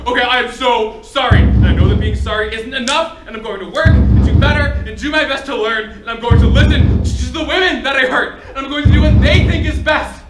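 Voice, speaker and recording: A woman's voice: sits high, a little fast, few pauses, lightly acted. A woman playing a disgraced young detective on stage, pleading and prone to emotional outbursts. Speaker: stage performer. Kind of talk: live solo stage play. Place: college stage. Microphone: far camera. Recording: distant echoey stage recording with loud music.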